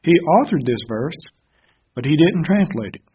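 A man's voice: fairly high pitch, big pitch swings, moderate pace, muffled recording, slight background noise. A man preaching a Bible sermon, earnestly explaining verses step by step.

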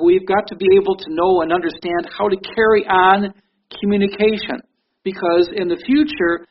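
A middle-aged man preaching with a fairly high voice, talking plainly and often backing up to restart a thought. The recording is dull and lo-fi, with a faint hiss behind him. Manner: conversational preaching with frequent restarts. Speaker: pastor. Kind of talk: sermon.

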